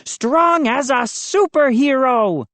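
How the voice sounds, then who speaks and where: A woman's voice: high-pitched, expressive, slow, a bit bright, no echo, pitched above the performer's own voice, heavily acted. A woman reading an audiobook, voicing a big, wild schoolboy who bellows and chants. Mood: rowdy. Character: loud wild bullying schoolboy, big and rowdy.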